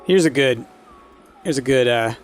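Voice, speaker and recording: A man's voice: medium pitch, measured pace, faint music behind. A man casually commenting on a game while streaming, chatty, laughing often and talking to the pets on screen.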